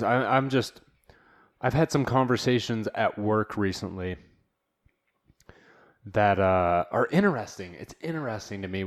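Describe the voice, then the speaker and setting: A man talks through a solo podcast in a loose, laid-back way. He rambles with fillers and slang. His voice sits a little on the low side. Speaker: podcast host. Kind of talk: casual solo podcast chat. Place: new home studio.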